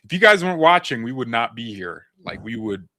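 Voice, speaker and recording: A man's voice: mid-range voice, big pitch swings, a little fast, pushed and bright, dry recording. A man co-hosting a live stream, chatting casually about breaking news with slang and frequent laughs. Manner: joking, laughs often, slangy.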